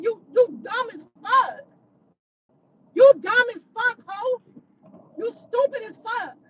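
A very high-pitched, bright woman lashes out at critics on a livestream, confrontational and profane. She hammers the same insults over and over into her phone, with a faint hum of a vehicle behind her. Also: poor audio. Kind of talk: angry livestream rant.

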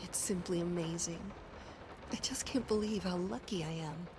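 A woman's voice: fairly low pitch, normal speed, background noise, lightly acted. An actress as a tender expectant mother. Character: expectant mother speaking to unborn child.

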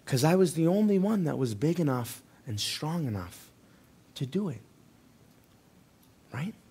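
A male pastor preaching a sermon in a church. He tells a personal story and swings between loud, urgent passages and hushed ones. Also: on the high side, animated, unhurried, breathy edge.

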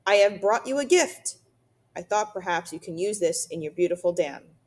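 A woman voicing a calm, polite female robot mother who speaks in formal, precise sentences in a storybook reading. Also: on the low side, normal speed. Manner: formal, precise, even-toned.

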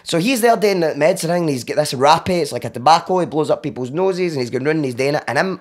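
A Glaswegian man tells a wild story with comic energy, his slightly high voice leaping up and down. He swears freely, laughs often and throws himself into acting out the other voices in his tale. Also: animated, fast, few pauses. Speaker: podcast guest.

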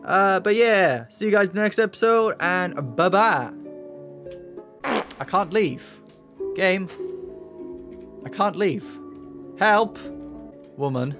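A gamer commentating a horror game, shrieking and swearing in panic at the scares, then muttering quietly while working out puzzles. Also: mid-range voice, expressive, slow pace, long pauses, over music. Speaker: let's play gamer.

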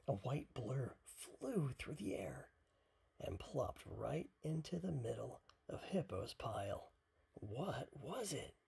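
A parent reading a picture book aloud at bedtime, softly and half-whispered. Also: mid-range voice, vocal fry, slightly rough. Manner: soft, half-whispered, unhurried.

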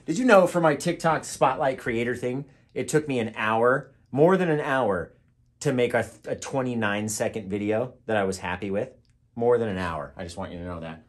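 A man teaching a live painting tutorial, chatty and encouraging, who keeps retaking his intro in a loud, upbeat radio-style voice. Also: medium pitch, normal speed. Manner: chatty, encouraging, repeats phrases. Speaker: painting instructor.

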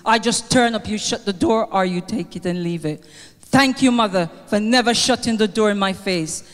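A woman's voice: medium pitch, moderate pace. An older woman with a Jamaican accent, tearful and earnest, giving a funeral tribute and reading scripture in a churchly cadence. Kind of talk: heartfelt eulogy with scripture reading. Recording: long reverb of a church hall.

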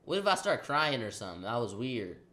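A young man casually telling a story in slang, acting out the quotes loudly. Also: mid-range voice, big pitch swings, a little fast. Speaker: vlogger.

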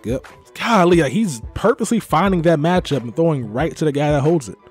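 A young gaming YouTuber from Texas commentating his own football video game match, sliding between low muttering and frustrated outbursts. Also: animated, brisk, breathy edge, faint music behind. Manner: swings from muttering to frustrated yelling. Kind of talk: live gameplay commentary.

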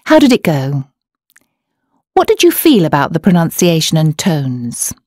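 Woman narrating a language course, lowish voice that moves around a lot, dry studio sound. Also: wildly swooping pitch, a little mellow, no echo. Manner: clear, measured explaining of tones. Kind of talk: scripted instructional narration.

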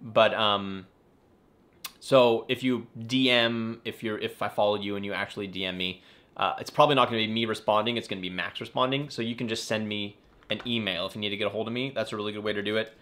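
A fast-talking man with a fairly low, slightly bright voice and fairly even intonation hosts an informal live-stream Q&A. He's an aquarium YouTuber at home in the California desert, answering viewers in a rambling, chatty way with frequent self-corrections and apologies.

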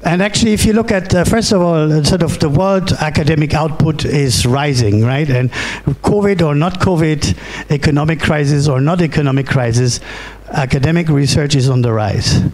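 A middle-aged man with a German accent delivers a keynote at a conference. His voice sits a little high for a man. He speaks haltingly, restarts often and keeps asking "right?". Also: a little mellow. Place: conference hall.

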